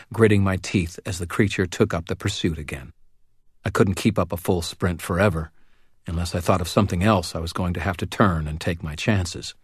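A man narrating a first-person fantasy audiobook in a measured, wry delivery. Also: low-pitched, no echo, clean studio sound.

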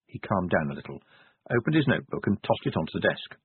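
A male audiobook narrator reading scripted narration in a wry, expressive manner. His husky voice moves widely in pitch. The recording is dry and tinny, with a narrow, phone-like band. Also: a little fast, no echo.

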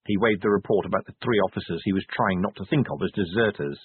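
A man reading scripted narration for an audiobook in a wry, expressive way. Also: low voice, fast talker, few pauses, husky, no echo. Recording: tinny narrow-band audio.

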